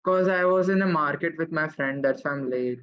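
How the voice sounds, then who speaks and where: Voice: medium pitch, normal speed, smooth, highs cut off. A student casually explaining to his teacher why he was late to class. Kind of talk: answering a teacher on a video call.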